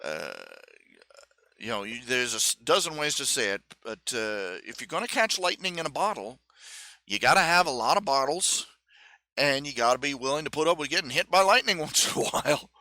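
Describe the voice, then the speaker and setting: Bright, lively man chatting on a stream. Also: mid-range voice, a little fast, no room sound. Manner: rambling, with many fillers and restarts, acts out quotes. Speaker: live stream host. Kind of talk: casual solo commentary.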